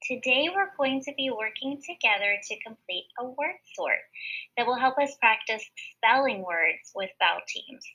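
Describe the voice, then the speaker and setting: A woman teacher giving a recorded word study lesson for children, patiently sounding out syllables slowly and clearly. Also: fairly high pitch, animated, pushed and bright, rough recording.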